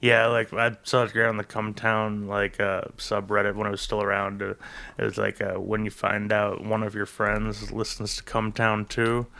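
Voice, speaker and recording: A man's voice: lowish voice, completely flat delivery, moderate pace, creaky, sharp tone. A man co-hosting a podcast in casual chat, rambling and crude in his jokes. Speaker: podcast co-host.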